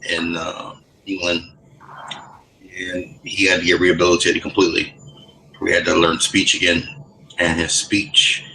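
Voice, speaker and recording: A man's voice: sits low, pushed and bright, a little hiss or hum, low-quality recording. A man chatting casually in an online voice lobby, rambling through stories with many restarts. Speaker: voice chat participant.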